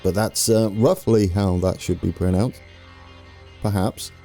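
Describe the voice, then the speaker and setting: A young man with a deep, warm, relaxed voice talks through a strategy game as he plays it. He chats casually, thinks aloud and pokes fun at himself. Soft game music plays faintly behind him. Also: measured pace. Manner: chatty, self-mocking, thinking aloud while playing. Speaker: let's play host. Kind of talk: casual gameplay commentary.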